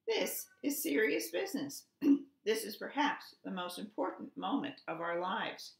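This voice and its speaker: A woman's voice: medium pitch, very animated, unhurried, gravelly, voice pushed up. A woman voicing an earnest, proper male goose in a storybook read-aloud, speaking in a formal way. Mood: serious. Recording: echoey room.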